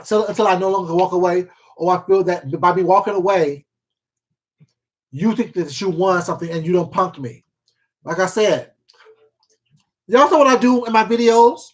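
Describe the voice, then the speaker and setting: A man from Washington State on a late-night eating livestream, talking bluntly and with lots of swearing. He repeats himself for emphasis and greets viewers by name. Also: high voice. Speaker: mukbang YouTuber. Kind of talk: casual live-stream rant while eating.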